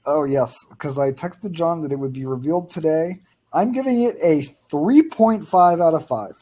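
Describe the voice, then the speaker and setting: A man's voice: fairly high pitch, expressive, moderate pace, dark tone. A young man co-hosting a film podcast, opinionated and filler-heavy, telling stories. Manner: opinionated, lots of fillers, storytelling. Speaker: podcast co-host. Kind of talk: casual film-review chat.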